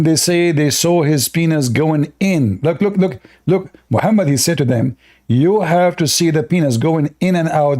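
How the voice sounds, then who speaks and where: A man's voice: on the high side, dark tone. A male host, giving mocking, sarcastic debate commentary with lots of repetition. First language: Arabic.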